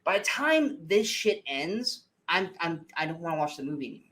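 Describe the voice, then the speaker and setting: A man's voice: fairly high pitch, brisk. Ranting, exasperated male movie podcaster. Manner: animated, exasperated ranting with frequent swearing. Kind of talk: casual movie review chat.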